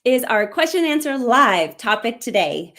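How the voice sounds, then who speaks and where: A woman's voice: on the high side, big pitch swings, normal speed, fairly bright tone. A middle-aged woman hosting a live parenting question-and-answer talk, speaking earnestly and encouragingly straight to parents. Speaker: parenting coach and show host.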